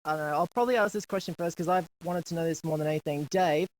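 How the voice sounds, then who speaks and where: A man's voice: a little high, rapid-fire, a little hiss or hum, poor audio. An Australian man, a guest who voices characters, asking questions hesitantly with fillers and laughs in a casual chat. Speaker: guest voice actor.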